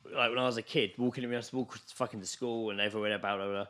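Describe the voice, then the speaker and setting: Jokey bright-voiced podcaster. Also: male voice, on the low side, fairly even intonation, fast talker. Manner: jokey, spins comic anecdotes. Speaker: podcast co-host. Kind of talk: casual chat.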